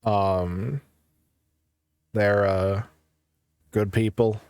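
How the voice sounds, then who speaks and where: A man running a tabletop game as game master, slow and halting, with many restarts. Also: on the low side, little pitch movement, a little mellow, no room sound.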